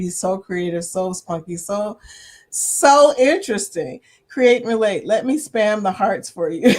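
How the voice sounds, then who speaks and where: A middle-aged woman hosts a casual livestream from home, chatting with her viewers. Her voice sits a little high. She laughs easily and drops in plenty of y'alls. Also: darkish tone. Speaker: livestream host. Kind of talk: casual livestream chat reading comments.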